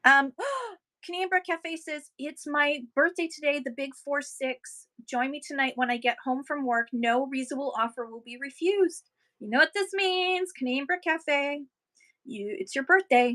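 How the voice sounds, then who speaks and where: A woman's voice: high voice, normal speed, pushed and bright, low-quality recording. A woman hosting a casual livestream, reading viewer comments aloud and encouraging sellers with upbeat tips.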